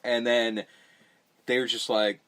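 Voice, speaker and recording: A man's voice: mid-range voice, level tone, slow pace, fairly bright tone. A young man hosting a podcast, recapping a movie in a rambling, profane, offhand way. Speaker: podcast host. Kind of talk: casual movie recap chat.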